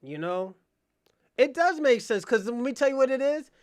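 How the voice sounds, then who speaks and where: Brash high-voiced man hosting a live stream. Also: lively intonation, normal speed. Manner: brash, mocking and profane, addressing chatters by name. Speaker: livestream podcast host. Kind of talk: casual live chat reacting to viewers.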